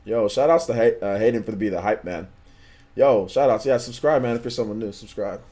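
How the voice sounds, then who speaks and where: A man with a lowish, dark-toned voice hosts a gaming livestream at a brisk clip. His casual talk is easygoing and slang-heavy, and he frequently repeats himself when replying to viewers.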